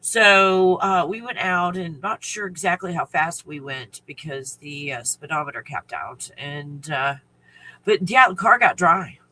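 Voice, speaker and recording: A man's voice: fairly high pitch, animated, unhurried, bright, forceful tone, rough recording. A man hosting a casual live stream, rambling through stories, laughing often, swearing freely and greeting viewers by name.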